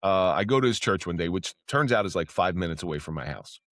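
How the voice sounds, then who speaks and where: A man who used to be a police officer, a podcast guest telling stories in casual talk. He speaks candidly, swears freely, and his voice jumps up when he gets excited. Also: deep voice, fast, no room sound, studio quality. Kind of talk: casual storytelling.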